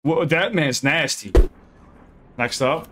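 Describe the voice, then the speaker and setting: A man's voice: on the high side, slow, noisy background. A young man hosting a reaction video, chatting loosely and cursing as he rambles about what he just watched. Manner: loose, profane, rambling chat with laughs. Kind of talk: casual reaction commentary.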